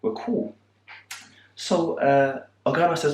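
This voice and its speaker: A young man telling a storytime vlog in an animated, laughing, slangy way. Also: medium pitch, a little fast. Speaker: vlogger. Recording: roomy echo.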